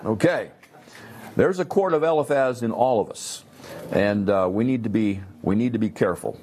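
A man teaching a Bible class in a lively way, acting out the characters and often repeating himself. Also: on the low side, moderate pace, a little hiss or hum. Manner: animated, acts out characters, repeats words.

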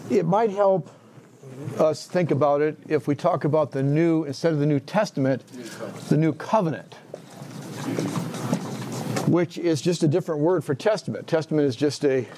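A man leads a Bible class in an easy, conversational manner, his voice sitting a little high. He poses questions, repeats students' answers and restarts his phrases while he thinks. A faint ambient noise runs beneath him. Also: normal speed, pauses often.

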